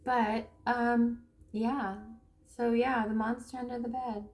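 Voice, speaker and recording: This Northern California spiritual coach and tarot reader has a voice on the high side, with a flat delivery and a darkish tone. Talking casually to camera, she rambles with restarts and acted-out quotes, slowing down to stress key points.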